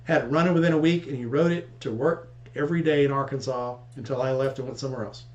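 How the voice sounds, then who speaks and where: A man in casual chat who works on motorcycles as a hobby, telling his stories rapidly and acting out what each person said. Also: medium pitch, a little mellow, muffled recording. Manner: rapid storyteller acting out dialogue.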